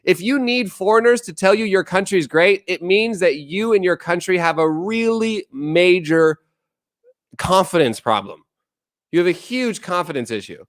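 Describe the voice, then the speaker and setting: A man's voice: high voice, animated, normal speed, no room sound, studio quality. A man from the United States chatting on a live stream, ranting bluntly with plenty of swearing and replying to chat messages aloud. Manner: blunt, profane, opinionated ranting.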